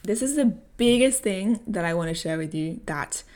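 A woman's voice: mid-range voice, expressive, normal speed, a little mellow. A young woman vlogger telling a story and giving coaching tips in a candid, casual way, swearing freely and laughing often. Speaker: personal growth vlogger.

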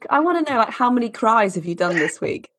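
A woman's voice: fairly high pitch, big pitch swings, quick pace, noisy background. A woman hosting a podcast, chatting in a playful, teasing way. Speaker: podcast host. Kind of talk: casual chat.

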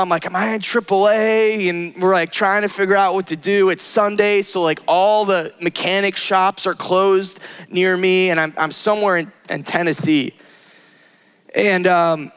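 A man's voice: fairly bright tone, smooth. A man preaching a sermon as a personal story, earnest and conversational, acting out his own cries and the lines of people he met. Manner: acts out his own cries and quoted lines with rising pitch. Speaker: pastor.

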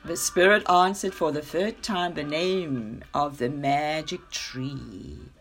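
A woman narrating a children's story in an expressive, dramatic read-aloud style. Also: low-pitched, takes it slowly, faint music behind. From South Africa.

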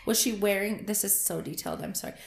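A woman co-hosting a podcast, chatting casually, animated and quick to laugh, with self-deprecating asides. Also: medium pitch, creaky. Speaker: podcast co-host. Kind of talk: casual chat. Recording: echoey room.

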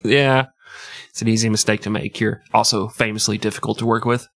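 A man's voice: lowish voice, steady tone, a little fast, creaky, a bit bright, no room sound, studio quality. A man hosting a casual, comedic history podcast who jokes crudely and laughs often. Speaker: podcast host.

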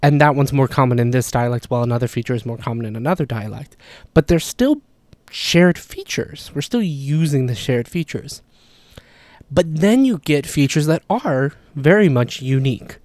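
Male teacher, casual and conversational, dry close sound, mid-pitched voice. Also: normal speed, dry recording. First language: not Arabic. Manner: relaxed, chatty, frequent "like" and "you know" asides. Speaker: language teacher. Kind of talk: casual explanatory lesson.

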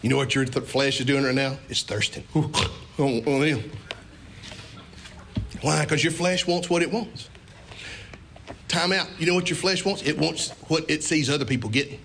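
Preacher man, bright voice, high-pitched, animated, call-and-response sermon. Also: normal speed, vocal fry, long pauses, slight background noise. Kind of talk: storytelling sermon.

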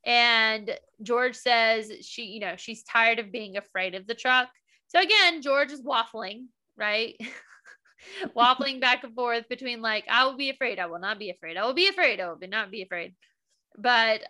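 A young woman chatting casually as a podcast co-host, bright and a little high in tone. She recaps the story with open, gushing feeling, easily moved. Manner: emotional, gushing recap with laughs and quoted lines. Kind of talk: casual chat.

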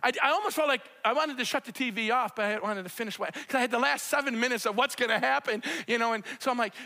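High-voiced animated man preaching. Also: fast. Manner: animated, repetitive, talks straight to the congregation. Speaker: pastor. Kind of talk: conversational sermon with spoken prayer. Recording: long hall reverb.

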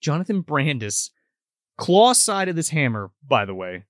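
A man talks through a film's ending in a loose, profane, animated way. His pitch sits a little high and swings widely as he gets worked up. The sound is close and dry, with no room around it. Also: a little slow, no echo. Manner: profane, excitable, animated retelling. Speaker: podcast co-host. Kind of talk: casual movie recap chat.

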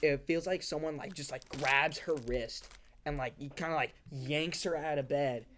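A man's voice: a little high, normal speed, fairly bright tone, a little hiss or hum. A young man co-hosting a podcast, telling a story in casual chat with lots of fillers and restarts. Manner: rambling with many fillers, acts out sounds and voices. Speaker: podcast co-host.

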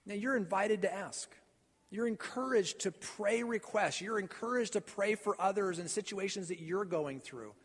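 A man's voice: high voice, slightly rough. A man preaching a sermon as pastor, earnest, often repeating and stumbling over his words. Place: church sanctuary. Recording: long church reverb.

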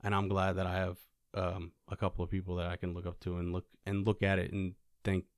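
Young guy podcasting, kinda low voice, rambles with lots of likes, dry mic. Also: monotone, fairly quick, no echo. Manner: rambling, many fillers. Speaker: podcast co-host. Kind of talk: casual chat.

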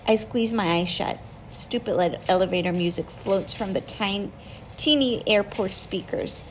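A woman narrating a novel in the first person, reading with expressive emotion. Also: medium pitch, normal speed, slight background noise, low-quality recording. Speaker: audiobook reader.

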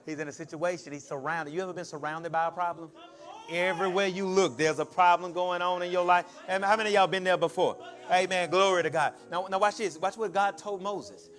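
A man preaching a sermon, calling out to his congregation and building to shouts. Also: high-pitched, steady tone, a little fast. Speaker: pastor.

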